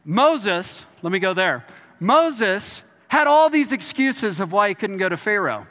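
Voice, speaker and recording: Pastor from Texas, very high and bright voice, earnest, stumbling restarts, reverberant church hall. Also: male voice, very animated, unhurried. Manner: earnest, repeats words and restarts often. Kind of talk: sermon.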